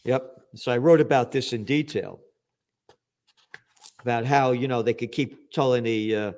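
An older man giving an indignant, profane commentary monologue, swinging from loud outbursts to low muttering. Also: normal speed. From United States.

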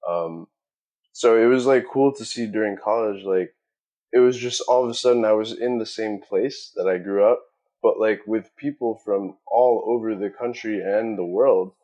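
A young man from Queens, New York, chatting on a podcast. He fills his talk with "like". His voice sits low, with a warm, dark tone. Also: moderate pace. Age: young adult. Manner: chatty, heavy on fillers like "like", laughs easily. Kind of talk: casual podcast chat.

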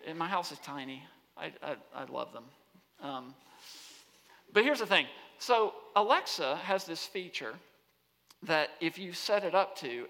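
Animated man lecturing in an echoing hall. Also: fairly high pitch, gravelly. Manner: animated, rhetorical, checks in with the audience. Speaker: speaker. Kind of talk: lecture-style talk to students. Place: large hall on a college campus. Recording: long hall reverb.

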